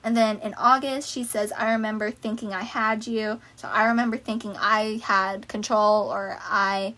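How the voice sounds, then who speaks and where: A young woman talking through song lyrics in a casual, chatty way, reeling off lists and breaking into excited asides. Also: mid-range voice, normal speed. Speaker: fan video creator. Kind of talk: casual lyric analysis talk.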